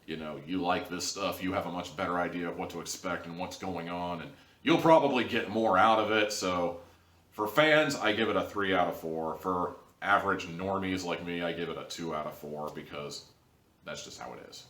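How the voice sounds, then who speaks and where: A man's voice: low voice, moderate pace, a bit bright, reverberant, far from the mic. A man hosting a casual video review, rambling and wry in an easygoing way. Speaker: show host and reviewer.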